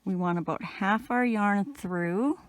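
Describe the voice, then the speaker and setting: A middle-aged woman from Canada giving a relaxed, chatty step-by-step crochet tutorial while she works. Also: medium pitch, slow. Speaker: crochet instructor.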